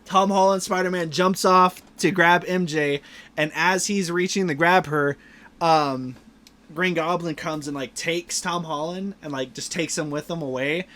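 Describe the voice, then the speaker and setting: A man's voice: fairly high pitch, fairly even intonation, measured pace, fairly bright tone. A man hosting a casual podcast movie review, retelling scenes animatedly with lots of fillers. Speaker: podcast host.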